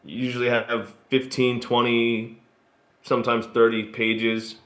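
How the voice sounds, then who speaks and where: A man's voice: mid-range voice, slow. Laid-back guy telling long stories on a podcast, echoey room. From born in Australia, grew up in Texas. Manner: relaxed, rambling storyteller with fillers. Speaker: guest actor. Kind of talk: casual interview storytelling. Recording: roomy echo.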